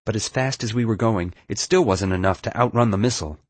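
Husky low-voiced male audiobook reader. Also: fast, no echo. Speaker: audiobook narrator. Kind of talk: scripted first-person narration.

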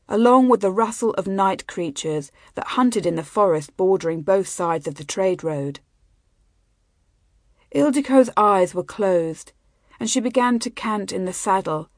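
A woman narrates a fantasy audiobook in an even, measured way. Her pitch sits in the middle range, and the recording is dry and close to the mic with no room sound. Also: no echo. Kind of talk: scripted narration.

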